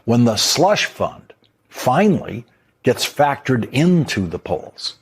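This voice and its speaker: A man anchoring broadcast news commentary in a measured, emphatic way. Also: mid-range voice, very animated, husky.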